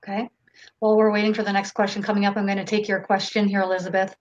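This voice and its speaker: A woman's voice: medium pitch, little pitch movement, rapid-fire, highs cut off. A Canadian woman hosting a live channeling session, reading viewer questions aloud in a casual, unfiltered way. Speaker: host.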